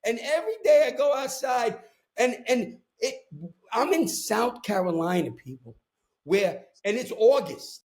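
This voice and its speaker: A man from Brooklyn with a thick New York accent holds court on a podcast mic, riffing in a loose, streetwise rant. His voice sits high for a man, and he talks like he is telling stories to friends. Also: a little slow. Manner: animated ranting storyteller, streetwise. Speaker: podcast host. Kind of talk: casual chat. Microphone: podcast microphone.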